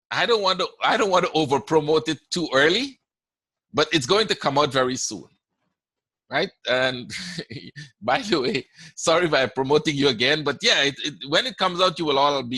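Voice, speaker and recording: Hosting a live trading webinar, a man with a Guyanese accent answers questions conversationally and frequently checks in with "right?". His voice sits on the high side and is expressive, husky and sharp-toned at a normal speed, with no room sound.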